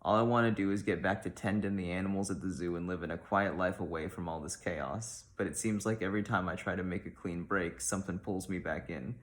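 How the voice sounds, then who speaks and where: A man reading a letter aloud in the voice of a folksy Midwestern woman zookeeper, with homespun phrasing and a deadpan delivery. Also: low voice, brisk, hardly any pauses, natural voice.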